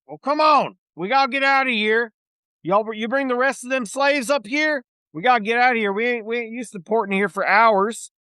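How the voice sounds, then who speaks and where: A man playing a gruff, short-tempered older smuggler captain who swears and drawls. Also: extremely high pitch, moderate pace, sharp tone, no echo, studio quality, voice pushed up. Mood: impatient. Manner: swearing, drawling, exasperated barking.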